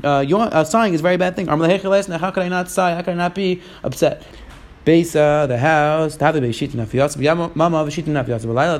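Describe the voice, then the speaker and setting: A man giving a Talmud class in a quick, steady flow, mixing Hebrew and Aramaic quotes with English explanations. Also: a little high. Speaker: Talmud teacher. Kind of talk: Gemara study class.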